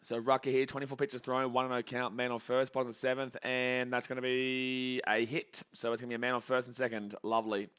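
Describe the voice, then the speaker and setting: A young man hosting a live baseball reaction stream, calling the plays casually and reading out chat messages with bursts of excitement. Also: mid-range voice, fast talker, hardly any pauses, clear, resonant tone, dull audio. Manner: casual chatty commentary, reads chat aloud, excitable.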